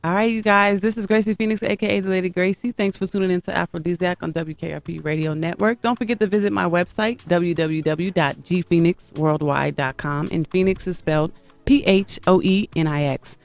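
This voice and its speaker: A woman's voice: lowish voice, fairly quick, creaky, no room sound. A woman hosts a radio show in a chatty, easygoing way, laughing often and backing up her guest with "mm-hmm". The recording is dry and close, with no room sound. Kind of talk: casual radio interview.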